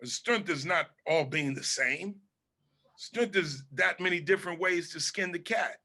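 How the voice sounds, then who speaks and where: This guest comic from Southern California keeps the interview loose, telling vivid anecdotes peppered with profanity. He speaks in a slightly high register and a touch slowly.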